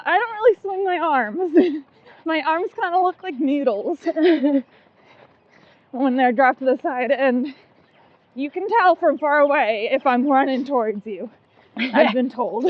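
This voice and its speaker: A woman's voice: high-pitched, slow pace, long pauses, no echo, muffled recording. A woman co-hosting a casual running podcast, chatty and giggly, full of likes and ums. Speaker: podcast co-host. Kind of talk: casual chat.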